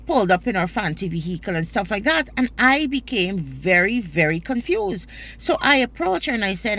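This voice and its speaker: A woman's voice: on the low side, expressive, normal speed, a bit bright. A woman with a Guyanese accent telling a personal story in a vlog. She speaks emphatically, swears freely and uses Creole turns of phrase.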